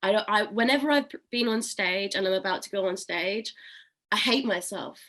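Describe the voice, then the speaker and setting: Young woman, actress being interviewed, relaxed, laughs a lot, casual chat. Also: medium pitch, moderate pace. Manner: laughs often, relaxed and chatty.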